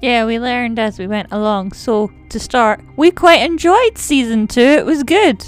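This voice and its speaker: A woman's voice: a little high, unhurried, soft background music. Playful woman, casual chat. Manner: playful, teasing, laughs often. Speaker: podcast co-host. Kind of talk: casual chat reviewing a TV series.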